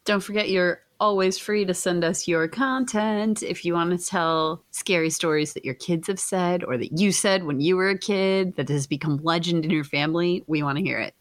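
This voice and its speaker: An American woman co-hosts a casual comedy podcast with a teasing, sarcastic edge and plenty of swearing. Her voice sits a bit low for a woman. The recording is dry and close. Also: normal speed, few pauses, no room sound. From United States. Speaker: podcast co-host.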